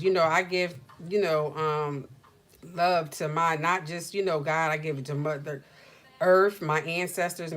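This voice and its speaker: A middle-aged woman hosting a casual livestream chat from home, telling stories in an animated, slangy way. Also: fairly low pitch. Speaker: livestream host.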